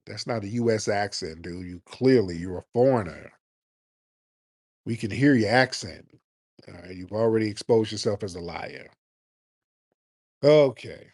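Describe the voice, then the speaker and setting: A man with a somewhat low, slightly mellow voice hosts a call-in talk show, bluntly and brashly teasing and interrogating callers. The recording is dry and close with no surrounding room.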